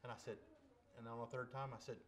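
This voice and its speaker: A man telling his conversion story in church as a lay preacher, folksy and plain, dropping to a hush and then bursting out loud. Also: medium pitch, flat delivery, quick pace. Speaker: lay preacher giving testimony. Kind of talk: testimony sermon. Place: church service.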